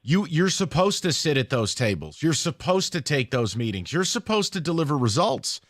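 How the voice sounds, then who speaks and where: Animated, exasperated male sports radio host. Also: on the high side, moderate pace, no echo, clean studio sound. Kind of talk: sports talk radio banter. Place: radio studio.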